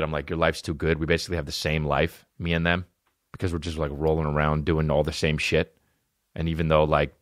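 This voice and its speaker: A man in his thirties hosting a comedy podcast, ranting in a profane, animated way. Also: a bass voice, dry recording, clean studio sound. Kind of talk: casual comedic rant.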